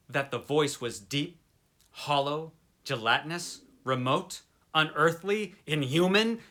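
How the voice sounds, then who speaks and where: A man's voice: on the high side, slow. A man giving a dramatic, theatrical reading of a horror story. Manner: expressive, theatrical delivery. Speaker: story reader.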